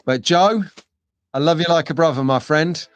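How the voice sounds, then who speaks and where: A man's voice: a little high, moderate pace, clear, resonant tone, dry recording, soft background music. A man hosting a live stream, chatting in a rambling, jokey way while reading out viewer comments. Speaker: host.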